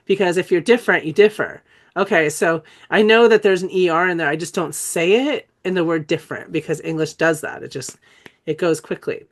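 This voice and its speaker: A woman who has a cold, giving an enthusiastic, conversational online teaching presentation and spelling out letters as she explains. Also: on the low side. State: has a cold, coughing and clearing throat. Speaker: dyslexia trainer presenting a webinar.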